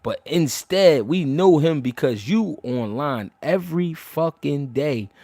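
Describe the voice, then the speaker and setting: A man hosting a boxing talk livestream, brash and rapid-fire, full of slang and cursing. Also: fairly high pitch, lively intonation, warm tone, no echo. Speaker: boxing talk show host. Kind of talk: profane livestream commentary.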